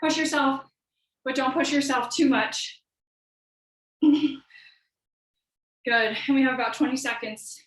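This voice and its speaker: High-voiced woman coaching a workout class. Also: slow, long pauses. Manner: encouraging cues and countdowns. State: a little out of breath. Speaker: fitness coach. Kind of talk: live workout class instruction. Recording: echoey room, from far off.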